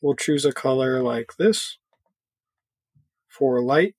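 A man giving a casual screen-recorded software tutorial, thinking aloud with fillers as he clicks through. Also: medium pitch, expressive, slow, husky, no echo.

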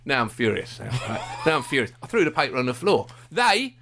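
A man co-hosting a football podcast, talking in an animated, indignant and self-mocking way in casual chat. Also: medium pitch, a little fast, hardly any pauses, slight background noise.

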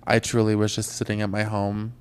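A man in his twenties co-hosting a podcast, chatting in a gushing, excitable way with lots of "like" fillers. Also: on the low side, a little fast, a little hiss or hum. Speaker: podcast co-host. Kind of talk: casual chat.

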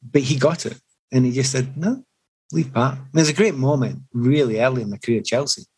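Speaking fast at a medium pitch, a middle-aged man who once played football reflects in an interview. His husky voice is captured on a rough recording, and he tells lively anecdotes, often starting over mid-thought.

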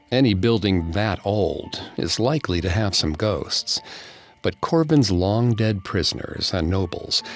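A man with a very low voice delivers a scripted, dramatic narration. He keeps a measured, dark storytelling tone and lets it sink to a hush at grim moments, with faint music playing underneath. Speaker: podcast narrator.

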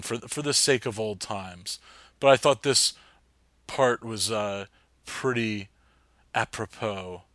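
A man's voice: lowish voice, fairly bright tone, no echo, studio quality. A man from New Jersey hosting his podcast in rambling, casual chat full of fillers. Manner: rambling, chatty, lots of fillers and restarts. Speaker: podcast host.

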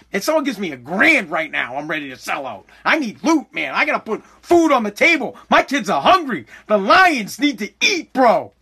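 High, bright-voiced ranting podcast host. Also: male voice. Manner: profane, emphatic, repeats himself for effect; acts out imagined dialogue.

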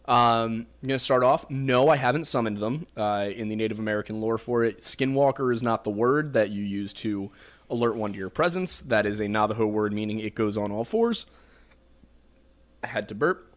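A man's voice: fairly low pitch, normal speed. A young man with a Pennsylvania accent, hosting a podcast and explaining folklore in a rambling, joking way full of fillers. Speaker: podcast host. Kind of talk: casual chat.

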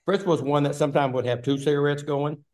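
A man's voice: fairly high pitch, steady tone, fast, background noise. Older man, from Texas, interview guest, rambling anecdotes, lots of ums. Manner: rambling storyteller with many fillers. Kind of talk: casual storytelling interview.

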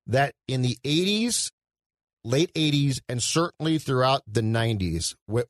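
A man's voice: medium pitch, no echo, studio quality. A man co-hosting a casual film podcast, who talks in a rambling way with many restarts. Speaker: podcast co-host.

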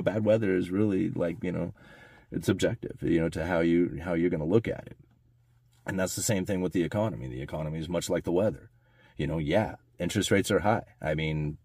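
A man's voice: low voice, dark tone, no room sound, studio quality. A man giving a rambling, conversational commentary on the economy, often tagging his points with "right?" and "you know". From United States. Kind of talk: casual monologue.

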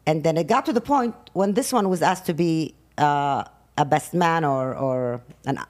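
A woman's voice: low-pitched, normal speed, a little mellow. A middle-aged woman from Iraq with an Iraqi accent, telling family stories in a casual podcast chat and speaking up sharply when teased. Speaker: guest, host's mother.

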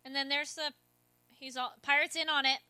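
A woman's voice: high-pitched, normal speed, no echo. A woman giving chatty running commentary while watching a movie, sighing and crying out as she reacts. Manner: animated, chatty running commentary with sighs and cries. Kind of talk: casual movie reaction chat.

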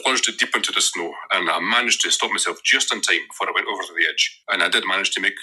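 A man's voice: low-pitched, fast talker, bright, forceful tone, husky, low-quality recording. A man telling a story in a recorded voice message, matter-of-fact with small fillers. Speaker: listener sending a voice message.

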